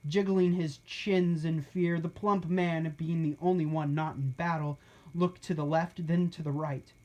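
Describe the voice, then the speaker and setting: A woman's voice: low voice, fairly even intonation, a little slow, a little mellow. A woman narrating a storybook aloud, reading expressively.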